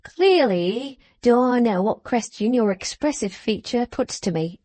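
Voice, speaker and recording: Lady doing a pompous old schemer, all flowery and slow, mellow dry voice. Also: on the high side, lively intonation, no room sound. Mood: florid, wheedling. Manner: florid, wheedling, theatrical, drawn-out. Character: pompous scheming older man with wooden leg.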